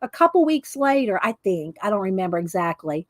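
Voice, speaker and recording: A woman's voice: medium pitch, very animated, a little fast, no room sound. A woman hosting an art livestream, chatting casually and rambling as she thanks viewers by name. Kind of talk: casual chat.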